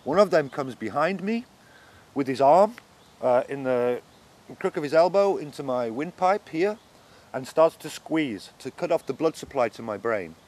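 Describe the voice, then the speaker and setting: A man's voice: fairly high pitch, lively intonation, moderate pace, darkish tone. A man being interviewed, giving an earnest and shaken first-person account of his arrest, growing agitated as he goes on. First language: not German.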